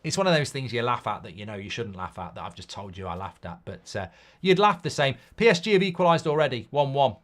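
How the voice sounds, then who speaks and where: A man with a mid-range voice hosts a live football watchalong, chatting loosely to his viewers. He rambles through stories and reads their comments out. He is blunt, and his volume jumps between loud bursts and quiet mutters. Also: medium pitch. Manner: rambling storyteller, reads chat comments aloud. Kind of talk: live-stream casual chat.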